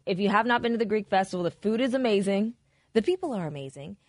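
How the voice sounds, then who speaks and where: A middle-aged woman co-hosting a radio show, promoting a local event with quick enthusiasm. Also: medium pitch, expressive, no room sound, clean studio sound.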